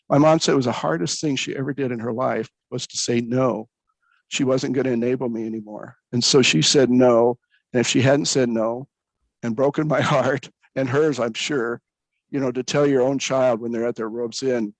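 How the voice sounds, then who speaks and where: A man's voice: medium pitch, steady tone, normal speed, gravelly, no room sound, rough recording. Man, pastor, candid personal storytelling, earnest, restarts often, dry close sound. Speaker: recovering pastor guest.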